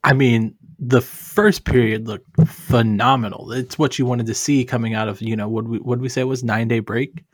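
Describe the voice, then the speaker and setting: A man co-hosting a casual hockey podcast, relaxed and wry, with a husky voice. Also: medium pitch, moderate pace, few pauses, dry recording. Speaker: podcast co-host.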